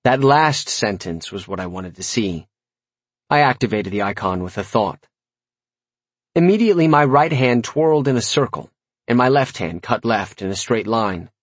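A man's voice: medium pitch, lively intonation, normal speed, no echo. Wry man narrating a fantasy audiobook. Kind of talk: first-person fantasy narration.

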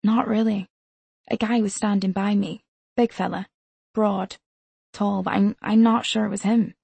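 A woman's voice: medium pitch, fairly even intonation, unhurried, gravelly, a little mellow, slightly rough, no echo, heavily acted. A woman voicing a young husband who talks in a casual, reassuring and slightly hesitant way, in a spoken story. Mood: unsure. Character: young adult husband, easygoing and teasing.

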